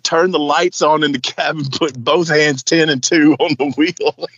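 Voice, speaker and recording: A man's voice: fairly high pitch, fairly even intonation, normal speed, a bit bright, breathy edge, no echo, muffled recording. A male podcast host telling a rambling, profane story in casual chat, often laughing between lines.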